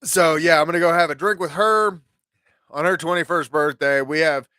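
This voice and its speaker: A man's voice: fairly high pitch, moderate pace, pushed and bright, clean tone, no room sound. Swearing, ranting podcast host man. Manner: profane ranting storyteller. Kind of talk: casual podcast monologue.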